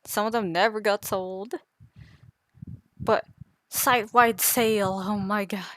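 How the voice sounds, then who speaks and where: A woman's voice: medium pitch, fairly even intonation, takes it slowly, fairly bright tone, no room sound. A woman chatting casually on a live art stream, rambling and laughing at herself. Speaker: artist streamer.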